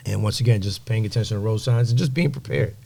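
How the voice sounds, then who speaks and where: A man as a podcast guest, telling animated stories and giving emphatic motivational advice. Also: lowish voice, fast talker, vocal fry, slightly rough. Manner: animated storyteller, acts out quoted voices. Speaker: guest, music executive. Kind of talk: storytelling in a podcast interview.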